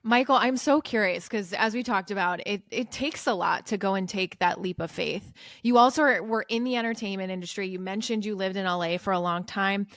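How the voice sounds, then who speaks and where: A woman's voice: mid-range voice, fairly quick, a bit bright, no room sound, studio quality. A woman co-hosting a podcast, asking her guest a thoughtful question. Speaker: podcast co-host. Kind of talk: interview questions.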